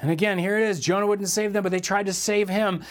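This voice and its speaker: Preaching as a pastor, this man speaks quickly in a high voice. He's animated and acts out the voices of the people he quotes.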